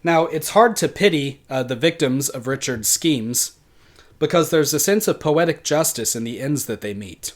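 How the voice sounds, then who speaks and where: A man's voice: a little high, expressive, moderate pace. Man lecturing with frequent fillers. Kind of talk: recorded literature lecture.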